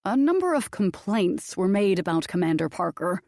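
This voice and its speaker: A nervous, stiffly polite male vampire official, voiced by a woman reading an audiobook. He sounds formal and uneasy. The voice sits a little low in a dry, close recording. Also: very animated, moderate pace, gravelly, darkish tone, dry recording. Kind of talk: audiobook character voice.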